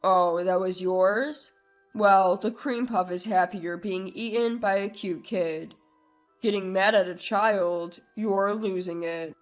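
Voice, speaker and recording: A woman voicing a smug, entitled adult brother who talks down in a lowered, loud voice. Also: measured pace, soft background music, close to an everyday voice. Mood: mocking. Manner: dismissive, mocking, low and loud.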